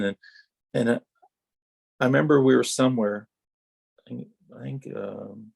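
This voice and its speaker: A podcast guest, a middle-aged Wisconsinite who used to race, tells wandering racing stories full of animation, acting out the exchanges as he quotes them. His mid-range voice carries vocal fry and is slightly rough.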